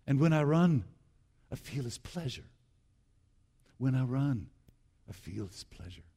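A pastor voicing an earnest, devout young male runner in a faux Scottish accent, soft and hushed. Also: mid-range voice, sing-song, measured pace, breathy edge, exaggerated voice.

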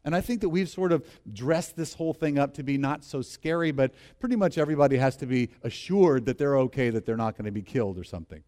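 A man preaching a sermon in an animated way, reading scripture with laughter and leading the congregation in repeating lines. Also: mid-range voice, fast, hardly any pauses. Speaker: pastor.

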